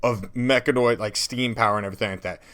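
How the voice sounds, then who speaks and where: A man's voice: on the low side, steady tone, quick pace, a bit bright. A young man co-hosting a tabletop gaming podcast, describing ideas with vivid enthusiasm. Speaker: podcast co-host. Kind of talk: casual brainstorming chat.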